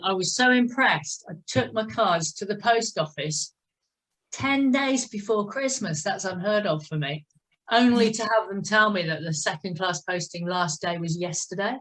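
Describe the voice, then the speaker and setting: A woman's voice: medium pitch, moderate pace, a bit bright, rough recording. A woman leading an online indoor cycling class over a video call, calling out time counts between chatty asides. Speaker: cycling instructor. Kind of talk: coaching an online exercise class.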